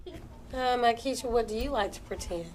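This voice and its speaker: A woman teacher leading a young class, speaking clearly and expressively and slowing down to model reading. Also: on the high side, a little mellow. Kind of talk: classroom reading lesson with children.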